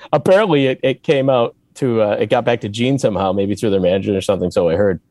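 A man's voice: lowish voice, quick pace, no room sound. A man who is a musician, guesting on a podcast and telling tour stories casually with frequent laughs. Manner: animated, laughing storyteller.

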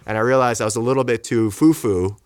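A man telling a story in casual conversation, animated and acting out the voices of the people in it. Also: mid-range voice, quick pace, no echo, clean studio sound. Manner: animated, acts out quoted voices. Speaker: guest speaker.

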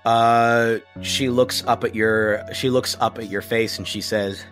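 Halting male game master, mid-pitched narration, faint music underneath. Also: steady tone, fairly bright tone. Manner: hesitant, with many fillers.

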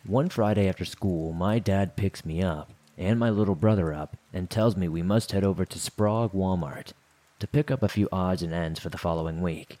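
A man narrating a first-person horror story in a steady, scripted delivery. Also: low voice, normal speed.

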